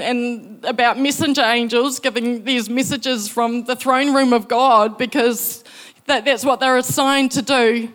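A woman's voice: on the high side, fairly bright tone. A woman telling a personal faith testimony, acting out the voices she quotes. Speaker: speaker sharing faith story.

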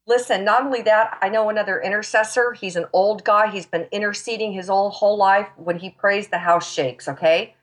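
A woman's voice: mid-range voice, steady tone, a little fast, few pauses. Woman guest, fervent faith testimony, emphatic and emotional. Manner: passionate, emphatic, near tears. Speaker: talk show guest.

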